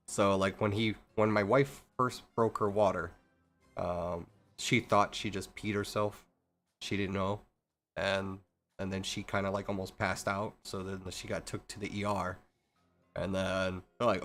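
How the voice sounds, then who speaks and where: A man streaming a game speaks at a measured pace in a low, slightly bright voice with little pitch movement, while faint music plays behind. He chats casually and rambles, swearing and restarting his sentences often.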